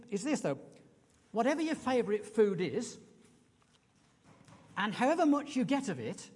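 Chatty British preacher in an echoing hall. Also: male voice, high voice, a little mellow. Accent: British English. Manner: chatty, asks the congregation questions. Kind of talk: sermon. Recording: long hall reverb.

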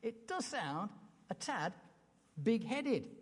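A man's voice: extremely high pitch, very animated, slow pace, husky. A British man preaching a sermon in a chatty way, putting questions to the congregation. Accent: British English. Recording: long hall reverb.

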